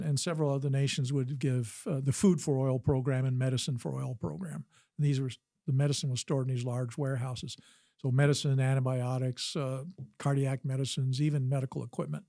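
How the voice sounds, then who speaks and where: A man's voice: medium pitch, steady tone, moderate pace, gravelly, a little mellow, no room sound, studio quality. An older man, a podcast guest and former combat physician, telling a story in an interview with earnest delivery and frequent restarts. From United States.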